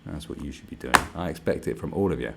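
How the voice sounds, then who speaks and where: A man's voice: extremely low pitch, animated, fast, vocal fry, background noise. A man hosting a livestream, ranting sarcastically with lots of swearing. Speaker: livestream host. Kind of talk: livestream rant.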